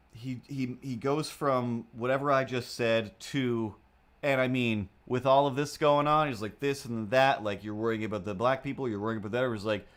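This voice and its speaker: While drawing on his livestream, a man tells a story casually, wandering through restarts and fillers. He has a hard-to-place, self-made accent and animatedly switches into squeaky voices when quoting people.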